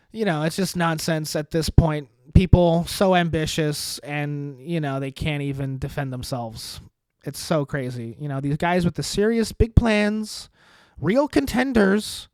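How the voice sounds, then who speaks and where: A man hosting a podcast, rambling through sardonic dark jokes in a casual monologue. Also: high-pitched, dry recording. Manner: sardonic, dark deadpan humor with rambling asides. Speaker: podcast host.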